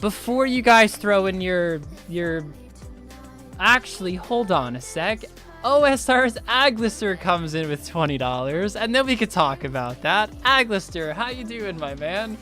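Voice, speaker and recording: A man's voice: high-pitched, animated, measured pace, pushed and bright. Young guy, game streamer, casual and sweary, faint music underneath. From United States. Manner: loose and profane, reads chat aloud and riffs on it. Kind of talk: casual live-stream chat with viewers.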